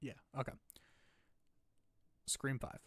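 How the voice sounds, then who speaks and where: A young man streaming casually, rambling and putting himself down, turning loud and animated when he rants. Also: slow pace, dry recording. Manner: rambling, self-deprecating, gets loud and animated when ranting. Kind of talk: casual chat.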